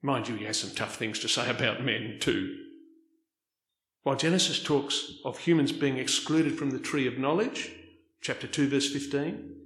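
Emphatic male preacher in an echoey room. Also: medium pitch. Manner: emphatic, rising and dropping between loud stresses and soft asides. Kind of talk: sermon.

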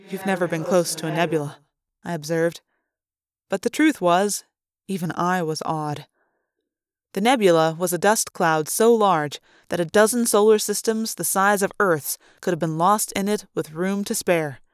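A woman reading a science fiction novel aloud in steady, clear narration. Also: on the low side, no room sound, clean studio sound. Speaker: audiobook reader.

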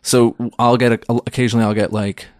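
Rambling thirty-something comedian, dry sound. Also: male voice, medium pitch, level tone, fast talker, no room sound. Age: 30s. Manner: rambling, self-deprecating, many restarts. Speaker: stand-up comedian guest. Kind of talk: casual interview chat.

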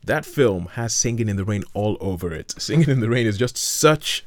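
A man hosts a casual chat about classic films, eager and rambling as he circles back over his points. His voice sits on the low side and the recording is dry and close. He keeps restarting his sentences as his thoughts run ahead. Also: animated, normal speed, no room sound.

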